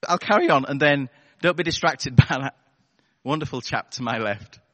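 A man's voice: mid-range voice, normal speed. A man preaching a sermon to a live congregation, conversational and wry, throwing rhetorical questions at his listeners over a wireless microphone. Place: church hall with a live congregation. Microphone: wireless battery microphone. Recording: long reverb of a large hall.

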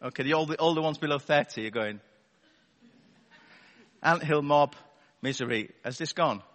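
Here a man with a slightly high, somewhat bright voice talks fast through a sermon, conversational and wry, tossing rhetorical questions to the congregation gathered in a church hall. A wireless battery microphone picks him up, and the large hall gives a long reverb.

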